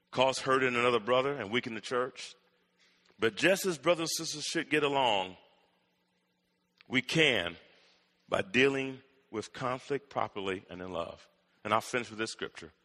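A male preacher delivering a sermon with dramatic emphasis in a bright, forceful voice. His words carry a long echo in a large church hall. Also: medium pitch. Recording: echoey hall.

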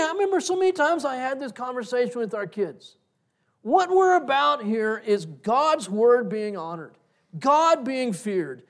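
A middle-aged man preaching a sermon, telling personal stories in an animated way and acting out the conversations in them. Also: extremely high pitch. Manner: animated storyteller, acts out quoted exchanges with laughter. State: breathes through one side of nose. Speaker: pastor.

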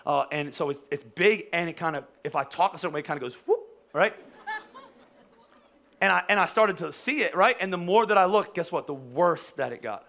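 A man's voice: a little high, expressive, a little fast, gravelly, a bit bright. A man in his forties preaching a sermon in a conversational, joking way, often restarting his sentences. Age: 40s. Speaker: pastor.

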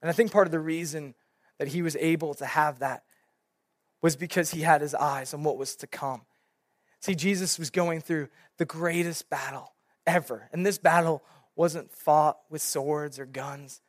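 Animated young man preaching a sermon. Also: fairly high pitch, measured pace, dry recording, clean studio sound. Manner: animated storytelling, many fillers like "like". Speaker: youth pastor.

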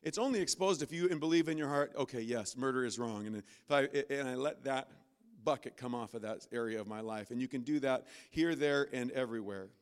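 A man preaching a sermon from a church stage, animated and acting out inner voices with sudden loud, high bursts. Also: fairly quick, clean tone. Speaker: pastor.

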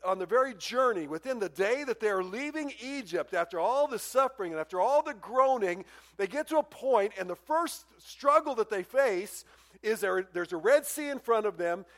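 A man preaching a sermon, acting out quoted complaints in a raised, animated voice. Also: high-pitched, moderate pace. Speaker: pastor.

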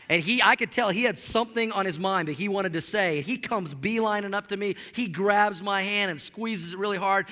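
A man's voice: sits high, pushed and bright. A man preaching a sermon as pastor, emphatic and calling out to the congregation for responses. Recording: long hall reverb.

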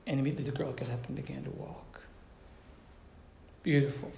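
A man's voice: mid-range voice, flat delivery, a little fast, vocal fry, dark tone, reverberant, slight background noise. A man preaching a sermon in a conversational way, often asking his listeners questions. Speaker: pastor.

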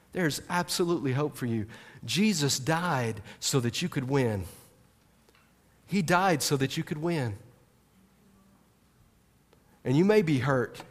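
Male pastor, sermon delivery, lively swings between excited and hushed, reverberant church. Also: fairly high pitch. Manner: animated, swings from excited shouting to soft earnest tones.

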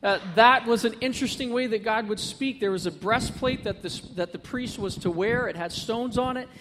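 A man's voice: very high-pitched, normal speed, long reverb tail, background noise. A man preaching a sermon as pastor, earnest and building to emphatic repetition, speaking to a congregation.

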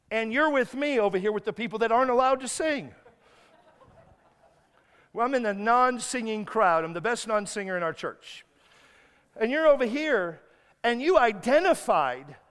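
A man's voice: very high-pitched, a bit bright. A man preaching a sermon with emphatic repetition, now and then acting out a prayer. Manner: emphatic, repeats words and restarts, acts out prayers. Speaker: guest preacher. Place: church sanctuary. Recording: long hall reverb.

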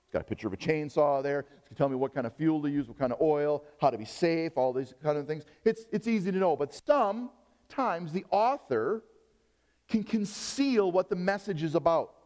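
A man's voice: fairly high pitch, lively intonation, normal speed, a little mellow, long reverb tail. A middle-aged male pastor preaching a sermon, joking and quizzing his congregation.

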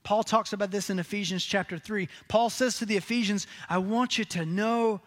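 A man preaching a sermon, asking the congregation questions and answering them with lively emphasis. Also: sits high, normal speed. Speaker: pastor.

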